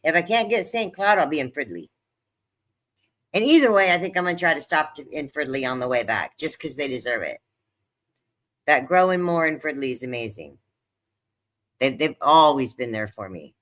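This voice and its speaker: A woman's voice: low voice, lively intonation, moderate pace, long pauses, a bit bright. An older woman chatting casually to viewers on her own livestream, talkative and easily moved, laughing often. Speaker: livestream host. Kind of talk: casual live-stream chat.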